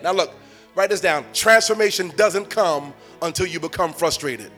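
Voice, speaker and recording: A man preaching a sermon, repeating phrases and building to shouted points. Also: high voice, normal speed, faint music behind. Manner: animated, repetitive, building to shouts.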